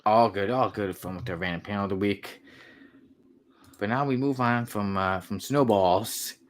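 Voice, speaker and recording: A man co-hosting a casual comic book podcast, describing panels with a relaxed, playful delivery. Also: lowish voice, normal speed, slight background noise. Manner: reads panels aloud with playful quoted voices. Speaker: podcast co-host.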